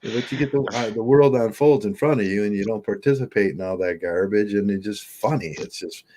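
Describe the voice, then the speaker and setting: A man chatting casually on a podcast, an animated storyteller who laughs often. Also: fairly low pitch, a little fast. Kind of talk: casual chat.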